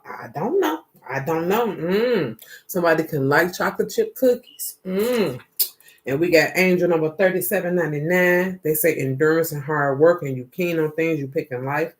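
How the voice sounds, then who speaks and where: Guy doing a tarot reading, kinda high voice, cussing and rambling, aave slang. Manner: profane, rambling, slangy and animated. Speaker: tarot reader. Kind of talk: casual tarot reading monologue.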